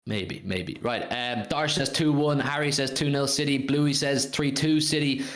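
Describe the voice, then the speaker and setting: A man's voice: mid-range voice, unhurried, a bit bright. A man hosting a casual football fan livestream, reading out viewers' comments and swearing now and then. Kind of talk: casual live-stream chat.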